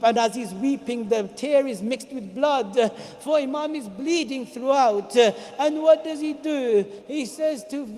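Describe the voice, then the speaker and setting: A man with a very high voice delivers a grieving sermon, his narration swelling into shouted cries of lament. His voice rings through a mosque hall with a long reverb tail. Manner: tearful, rising to shouted laments. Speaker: preacher.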